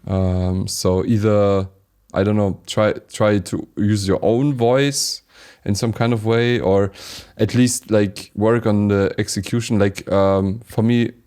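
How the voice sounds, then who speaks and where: A man with a German accent co-hosting a casual beatbox review chat, talking haltingly with many fillers and restarts. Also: on the low side, fairly even intonation, darkish tone, clear, resonant tone. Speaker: beatboxer co-host reviewing battles.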